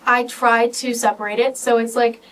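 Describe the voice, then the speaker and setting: Teen girl podcast cohost, kinda high voice, rambly and emotional, lots of likes, mic a bit far off. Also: little pitch movement, normal speed, fairly bright tone, a little hiss or hum. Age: teens. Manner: emotional, rambling storytelling with many "like"s. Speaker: podcast co-host. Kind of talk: casual personal talk.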